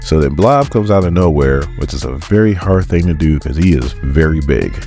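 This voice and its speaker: A man's voice: a bass voice, lively intonation, normal speed, dark tone, faint music behind. A man casually recapping a comic book, retelling scenes with laughs and quoted lines.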